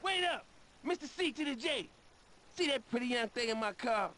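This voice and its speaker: An actor playing a brash, crude pimp who talks in swaggering street slang in a game cutscene. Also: male voice, very high-pitched, lively intonation, moderate pace, pushed and bright, a little hiss or hum, exaggerated voice. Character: brash middle-aged male pimp, bossy and crude. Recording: game cutscene audio with music.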